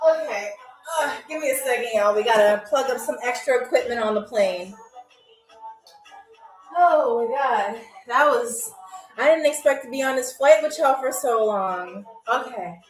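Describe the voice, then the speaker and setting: High-voiced woman hosting a game show. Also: unhurried, reverberant, soft background music. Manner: playful, chatty, laughing through her lines. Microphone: phone.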